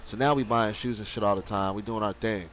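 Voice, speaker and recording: A man's voice: fairly low pitch, steady tone, brisk, fairly bright tone, slight background noise, rough recording. A young man streaming live, telling a rambling story in casual, profane slang.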